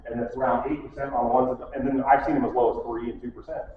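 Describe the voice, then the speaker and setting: This middle-aged conference speaker talks fast in a flat, mid-range voice, telling blunt stories in a casual style and performing the lines of people he quotes. The recording is distant and phone-like, from an echoey hall with a little hiss or hum.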